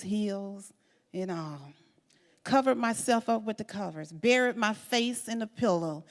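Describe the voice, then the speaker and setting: A middle-aged woman giving a church testimony as guest speaker, telling her story dramatically with repetition and emphatic rises. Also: medium pitch. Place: church sanctuary. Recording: long church hall reverb.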